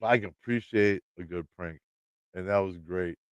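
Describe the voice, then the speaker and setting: A man's voice: sits low, moderate pace, dry recording. A man with a Midwestern American accent hosting a livestream, telling a story in a rambling, casual way, swearing often and laughing. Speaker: channel host talking to live chat.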